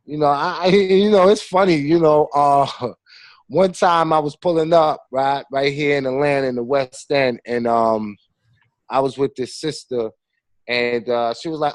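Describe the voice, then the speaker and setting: Animated man telling street stories. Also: on the high side, normal speed, no echo. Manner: animated storyteller with street slang. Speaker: filmmaker guest. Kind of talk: casual conversation.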